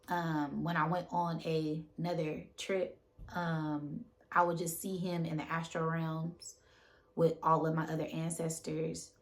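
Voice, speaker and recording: A woman with a notably low voice speaks casually and directly to her viewers about spiritual matters. She repeats phrases and keeps checking in with "right?", and she sounds emotional, close to tears. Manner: repetitive, often tags phrases with "right?". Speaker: spiritual content creator.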